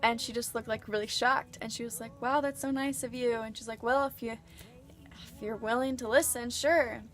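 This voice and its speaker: A woman's voice: a little high, steady tone, normal speed, a bit bright, soft background music. A young woman vlogger telling a personal story in a chatty, earnest way, full of filler words. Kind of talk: casual storytelling.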